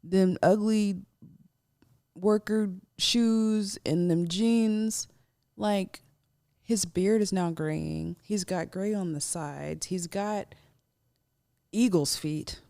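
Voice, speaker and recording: A woman co-hosting a podcast, telling stories in a blunt, animated way and laughing often. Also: mid-range voice, drawn-out words, gravelly. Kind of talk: casual chat.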